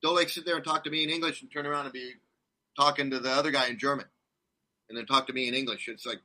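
A man in his sixties from California, a guest telling rambling, animated stories with many restarts in a casual interview. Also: medium pitch, quick pace. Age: 60s.

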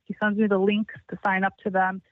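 A woman's voice: medium pitch, completely flat delivery, fairly quick, no echo. A woman in her thirties calling an advice show, sounding frustrated and defensive. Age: 30s. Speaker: caller. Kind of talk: call-in advice conversation. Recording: tinny phone line.

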